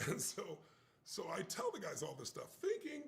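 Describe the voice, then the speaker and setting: An older man telling a story in an emphatic, animated way. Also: sits high, moderate pace, gravelly. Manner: emphatic, acts out quoted voices.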